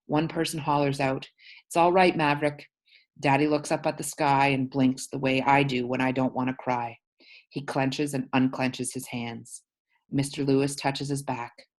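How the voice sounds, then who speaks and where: Woman teacher, very deep voice, reads a novel aloud and explains words as she goes. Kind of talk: reading a novel aloud to a class.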